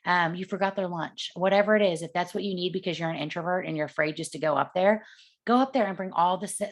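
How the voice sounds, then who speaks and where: A woman giving sales tips in a casual coaching talk, chatty and acting out the conversations she quotes. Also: lowish voice. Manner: chatty, acts out quoted dialogue.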